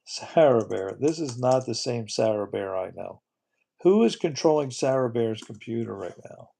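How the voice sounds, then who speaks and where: A man's voice: medium pitch, animated, normal speed, gravelly, dark tone. A man hosting a casual livestream, rambling and repeating his words, often breaking into disbelieving exclamations. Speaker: livestream host.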